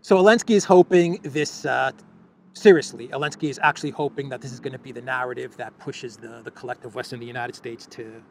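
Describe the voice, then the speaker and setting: A male news commentator with a gravelly, fry-laden voice at a middle pitch. He talks in a sarcastic, scoffing way, restarting phrases as he goes. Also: fairly quick, a little hiss or hum. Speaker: host.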